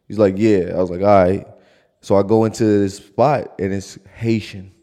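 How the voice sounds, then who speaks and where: A man co-hosting a podcast, telling a story in a casual, animated way and acting out the people in it. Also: lowish voice, a little fast, in a large hall. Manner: animated storyteller, acts out quotes, laughs. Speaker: podcast co-host.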